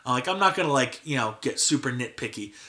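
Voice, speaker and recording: Bright-voiced young man hosting a podcast. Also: mid-range voice, expressive, quick pace. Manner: filler-heavy, frequent "like" and restarts. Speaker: podcast host. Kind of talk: casual chat.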